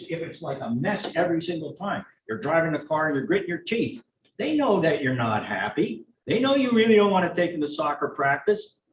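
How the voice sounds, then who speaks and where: An older man, a retired child neuropsychologist, giving a blunt, folksy talk to parents and acting out parents and teachers in quick asides. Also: high voice. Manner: blunt, folksy, plain-spoken. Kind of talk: public lecture to parents. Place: meeting room or auditorium. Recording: roomy, from a distance, faint hiss.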